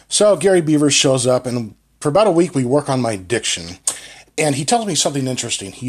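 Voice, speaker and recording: A man's voice: medium pitch, breathy edge. A man delivering a dry, rambling comic monologue with sudden bursts of speed. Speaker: comedian.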